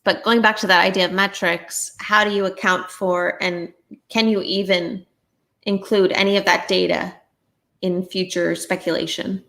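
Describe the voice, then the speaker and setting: A woman's voice: on the low side, normal speed. A woman co-hosting a podcast, talking casually and thinking aloud. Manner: relaxed, short interjections, thinking aloud. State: sleepy, yawning. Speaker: podcast co-host. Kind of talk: casual chat.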